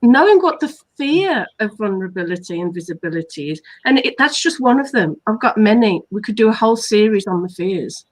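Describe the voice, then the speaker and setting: A woman's voice: mid-range voice, very animated, brisk, few pauses, poor audio. A woman hypnotherapist from England hosting a live online talk, explaining points and listing them earnestly. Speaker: hypnotherapist host.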